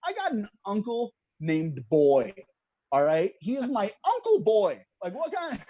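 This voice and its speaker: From home, streaming online over a video call, a young man does stand-up that mocks himself, laughing at his own lines. His high voice swoops wildly in pitch, warm and slightly rough, at a measured pace with no echo.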